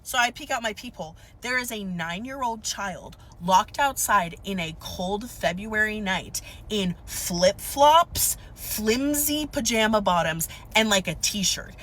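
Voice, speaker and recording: A woman's voice: medium pitch, lively intonation, unhurried, few pauses, a bit bright. A young woman telling a casual storytime to her viewers, chatty and exasperated, calling them divas. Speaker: storytime vlogger.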